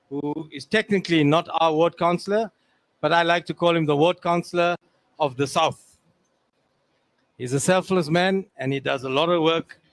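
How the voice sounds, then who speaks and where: Man giving a halting welcome speech. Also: on the high side, dry recording. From South Africa. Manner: halting, with frequent restarts and fillers. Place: outdoors at a mall event.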